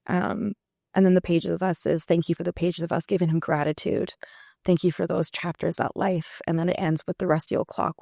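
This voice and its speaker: Woman guest, low gravelly voice, reflective and candid, dry close sound. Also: darkish tone, no room sound. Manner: candid, reflective, many fillers. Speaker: musician guest. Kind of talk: casual interview talk.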